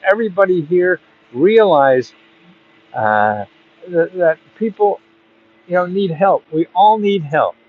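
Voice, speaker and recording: Chatty man with a dull, lo-fi sound. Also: sits high. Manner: rambling and chatty, with bursts of emphatic urging. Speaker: host giving grant advice. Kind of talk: casual direct-to-camera talk. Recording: dull, dry lo-fi audio.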